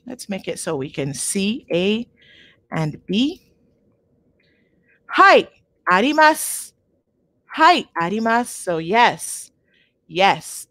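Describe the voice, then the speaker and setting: A woman teaching a live online language lesson, patient and clear, modelling each word twice and checking in with "okay?". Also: medium pitch. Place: home.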